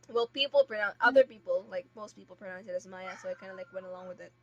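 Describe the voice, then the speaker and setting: A woman's voice: mid-range voice, lo-fi sound. A young woman streaming a game, chatting casually and rambling with lots of filler words. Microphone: streaming mic. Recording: very loud static hiss, poor stream mic. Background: dog.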